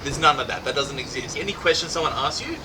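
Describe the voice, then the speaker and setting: A man's voice: on the high side, lively intonation, quick pace, distant mic, background noise. A man co-hosting a casual chat, reflectively explaining his view with many fillers. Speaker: co-host.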